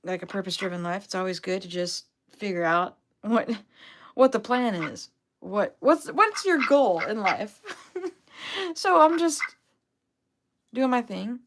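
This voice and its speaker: A woman's voice: mid-range voice, lively intonation, a little slow, long pauses, a bit bright. A young adult woman telling a rambling, upbeat story on a casual livestream, full of fillers. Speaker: vlogger, duck owner.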